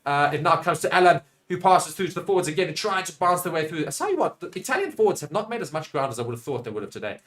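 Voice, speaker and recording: A young South African man giving live play-by-play rugby commentary, getting louder and excited on attacking plays and dropping low and quiet when reading viewer comments. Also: rapid-fire, few pauses. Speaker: watchalong commentator.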